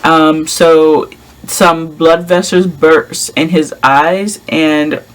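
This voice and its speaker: A woman's voice: low-pitched, fairly even intonation, drawn-out words. A young woman vlogger telling a casual storytime, chatty, with many ums and likes and frequent laughs.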